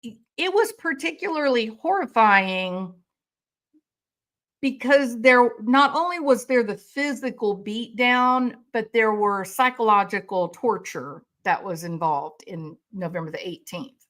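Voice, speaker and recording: A woman's voice: on the high side, animated, unhurried, a bit bright. A woman commenting on a crime case, angry and indignant, with sarcastic rhetorical questions. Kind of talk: impassioned commentary.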